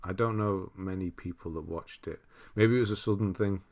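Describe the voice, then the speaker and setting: A man with a deep, low voice hosts a casual live stream. He rambles easily, reads out viewers' messages and breaks into laughter often. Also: moderate pace. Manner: relaxed, rambling, reads chat aloud with frequent laughs. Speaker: streamer host.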